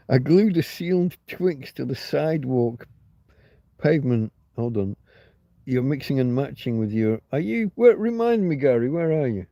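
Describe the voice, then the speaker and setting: A man's voice: medium pitch, animated, a little slow, warm tone, no echo, dull audio. A man hosting a casual livestream, rambling and swearing freely as he answers chat comments. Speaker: livestream host.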